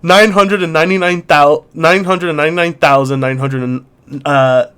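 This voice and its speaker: A man chatting casually as co-host, laughing constantly and stumbling over his words in excitement. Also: a little high, moderate pace, clean tone. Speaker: podcast co-host. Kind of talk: casual chat.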